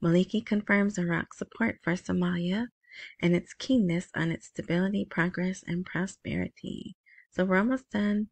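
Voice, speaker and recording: A woman's voice: fairly low pitch, fairly even intonation, normal speed, no echo. A woman hosting a currency news show, reading headlines aloud and adding chatty asides. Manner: chatty, reads headlines then comments with asides. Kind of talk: casual commentary reading news articles.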